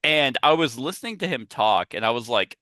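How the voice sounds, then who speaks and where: A man's voice: mid-range voice, big pitch swings, brisk, sharp tone, dry recording. A man hosting a podcast in casual chat, rambling and chatty with lots of asides, talking on a headset. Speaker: podcast host.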